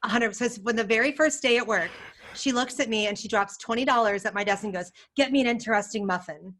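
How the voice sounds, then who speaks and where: A woman from the United States, a photographer guest on a podcast, telling stories in a casual, animated way and acting out what others said. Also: a little high, fast talker. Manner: animated, laughing, acts out quotes.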